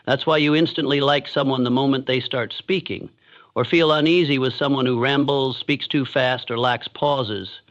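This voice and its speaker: A man's voice: mid-range voice, fairly even intonation, normal speed, fairly bright tone. Man with a dull lo-fi motivational voice-over. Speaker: motivational narrator. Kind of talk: scripted motivational narration. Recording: dull lo-fi sound.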